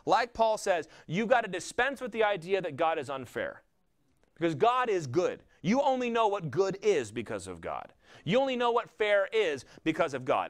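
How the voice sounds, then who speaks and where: Animated Southern pastor preaching. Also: male voice. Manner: animated preaching, rising loud for emphasis, dropping low for quotes. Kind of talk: sermon.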